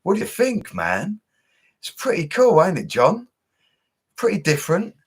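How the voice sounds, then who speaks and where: A man's voice: sits high, huge pitch swings, a little slow, breathy edge. A young man, hosting a casual livestream, reading out viewer comments in a laid-back, slangy way. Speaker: bricklayer livestream host. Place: home setup he calls a studio.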